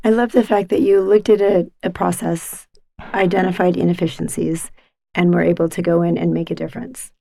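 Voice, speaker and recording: Low-voiced, gravelly woman interviewer. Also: flat delivery, a little fast, mellow. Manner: affirming, appreciative. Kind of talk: interview, conversational.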